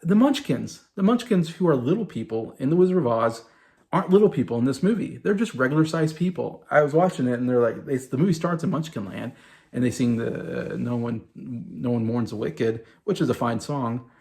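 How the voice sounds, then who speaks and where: A man's voice: mid-range voice, fairly quick, creaky, darkish tone. A man hosting his own video, rambling through an exasperated casual movie review with mocking asides. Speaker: video host.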